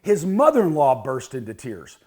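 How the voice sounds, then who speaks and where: A man's voice: a little high, huge pitch swings, moderate pace, a little mellow, slightly rough. A man in his fifties, hosting a cooking show and telling a folksy story as a cooking tip. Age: 50s.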